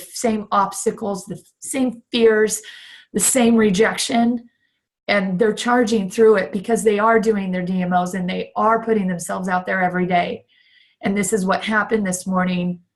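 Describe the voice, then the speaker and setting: Slow, gravelly-voiced woman giving team pep talk. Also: medium pitch. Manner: earnest and emotional, with halting restarts. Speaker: direct sales team leader. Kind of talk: motivational vlog talk to her team.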